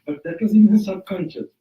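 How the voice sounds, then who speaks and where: With phone-quality sound, a high-voiced man from Sri Lanka, a Buddhist monk teacher, gives an informal dharma talk in a private residence. The mic is distant and the sound roomy, and he chuckles often as he corrects himself.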